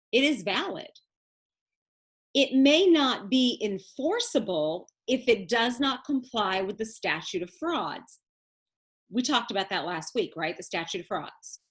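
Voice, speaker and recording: A woman teaching a business law class in a recorded lecture, explaining in a casual, colloquial way and teasing her students with jokes. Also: a little high. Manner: lively, joking, teasing students.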